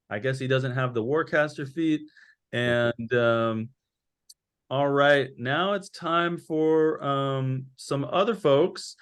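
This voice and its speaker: A man narrating as game master, pausing often with fillers and restarts. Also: a little high, clean tone. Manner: halting, many fillers and restarts.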